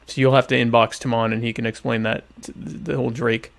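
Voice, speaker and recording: A young adult man hosting a podcast, answering listener questions in a deadpan, ironic, rambling way while eating dinner. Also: mid-range voice, fairly quick, vocal fry. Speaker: podcast host. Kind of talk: casual solo chat answering listener questions.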